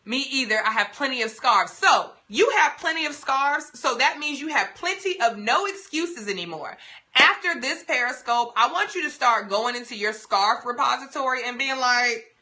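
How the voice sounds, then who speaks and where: A woman's voice: high-pitched, lively intonation, moderate pace, bright, forceful tone. A young woman hosting a casual livestream, giving beauty tips in a sassy, playful, emphatic way.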